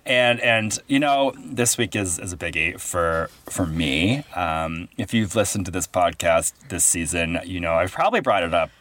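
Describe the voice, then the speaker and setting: Guy hosting a movie podcast, excited, voice bouncing up and down. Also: low voice, normal speed, hardly any pauses, a little hiss or hum. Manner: enthusiastic, animated. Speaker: podcast host. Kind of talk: casual film podcast chat.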